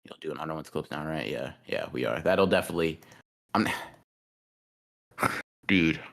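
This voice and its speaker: A man's voice: extremely low pitch, lively intonation, moderate pace, creaky, a bit bright. A man co-hosting a podcast in a casual livestream chat, rambling and cursing, often repeating his words. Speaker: podcast co-host.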